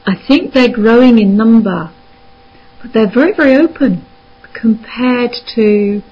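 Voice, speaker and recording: A woman with a Surrey accent, a spiritualist minister speaking calmly and soothingly as a guest on a radio interview. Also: fairly high pitch, measured pace. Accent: Surrey English. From England. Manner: soft, calm, soothing, chuckles often. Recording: dull lo-fi radio call.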